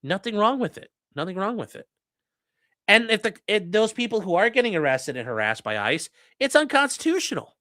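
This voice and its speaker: Blunt, profane streamer with lively pitch. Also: brisk, dry recording, clean studio sound. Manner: animated, swinging between loud outbursts and muttering. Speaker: legal commentary streamer reading chat. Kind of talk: casual livestream commentary.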